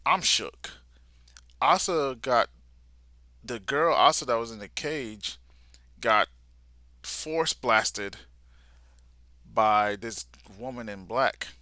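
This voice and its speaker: A man's voice: medium pitch, slow, long pauses, pushed and bright, no echo. A man giving a live reaction to a comic, retelling it in casual slang and sometimes sinking to a near-whisper. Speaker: vlogger reacting live to a manga.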